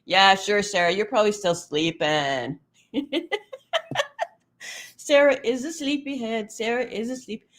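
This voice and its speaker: A middle-aged woman hosting a casual livestream, chatting warmly with viewers and reading their comments aloud, laughing often. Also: a little slow, long pauses. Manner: chatty and emotional, laughs often, lively pitch. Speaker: livestream host.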